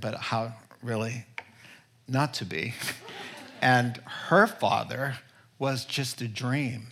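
A man's voice: medium pitch, sharp tone, slight background noise. A middle-aged man preaching a humorous sermon, telling stories and joking directly with his listeners. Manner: joking, storytelling, addresses the audience directly. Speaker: pastor.

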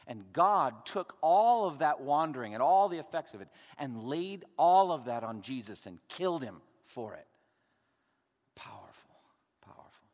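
Man preaching, pitched a little high, very expressive, booming then hushed, rhetorical questions, in a large echoing church hall. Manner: emphatic, rhetorical questions, swings from loud to hushed. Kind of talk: sermon. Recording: long hall reverb.

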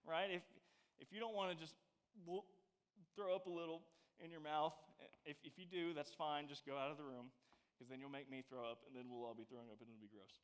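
High-voiced, playful youth preacher. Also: male voice, fairly quick, clear, resonant tone. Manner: animated, playful, exaggerated storytelling. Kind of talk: casual youth sermon.

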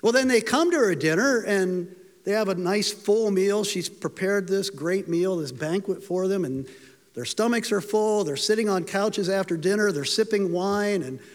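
In a hall with a long, ringing echo, a light, high-voiced man delivers a sermon at normal speed. He narrates feelingly and performs the quoted lines.

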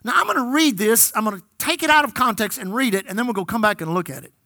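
Bright-voiced preacher man. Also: high-pitched, expressive, quick pace, no room sound. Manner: emphatic, repeats key lines, calls out to the congregation. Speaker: pastor. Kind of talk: sermon.

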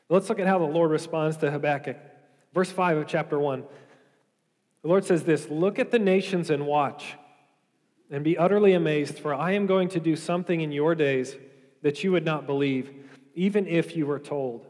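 A pastor preaching a sermon, earnestly reading scripture aloud and explaining it. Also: male voice, fairly high pitch, normal speed, darkish tone, big-room sound.

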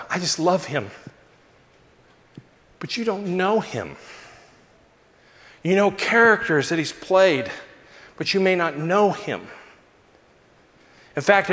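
A man preaching a sermon and telling a personal story with animated, self-mocking delivery. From Southern California. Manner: lively storyteller, big pitch swings, self-mocking. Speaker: pastor. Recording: long hall reverb.

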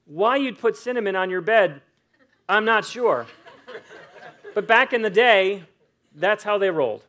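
A male pastor delivering a sermon with a notably high-pitched voice. He speaks earnestly and emphatically, repeating key phrases for weight. He also reads scripture aloud in a slow, dramatic way. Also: expressive, sharp tone.

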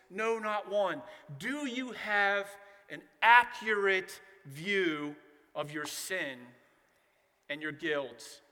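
Emphatic man preaching, high and bright. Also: big-room sound. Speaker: pastor. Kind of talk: sermon.

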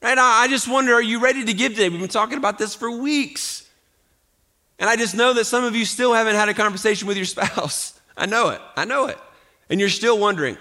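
A man preaching to his church in an easy, conversational way. His voice sits high and sounds bright and forceful. He keeps asking questions of the room and circles back on his own words. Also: normal speed. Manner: conversational preaching with frequent restarts and rhetorical questions. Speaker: pastor. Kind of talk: sermon.

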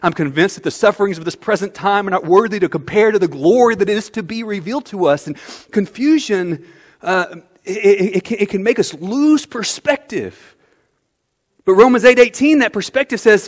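High-voiced guy preaching, gets loud then drops quiet, big echoey hall. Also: normal speed. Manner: animated, swings from quiet to loud. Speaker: pastor. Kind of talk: sermon. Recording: long hall reverb.

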